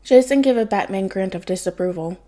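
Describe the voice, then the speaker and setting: A woman narrating a fan-written story in an even, unhurried way. Her tone is mellow and soft, with a calm, steady delivery. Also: mid-range voice. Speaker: podfic reader. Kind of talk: fan fiction audiobook narration.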